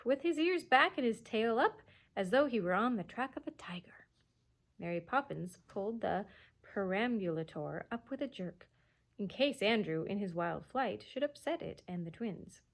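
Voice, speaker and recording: A children's librarian reading a chapter book aloud at story time, expressive, with hushed asides. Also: female voice, mid-range voice.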